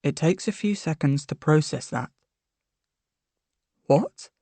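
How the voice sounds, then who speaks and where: A woman narrating a first-person story aloud in a quiet, subdued way. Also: sits low, lively intonation, moderate pace, husky, dry recording. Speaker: story reader.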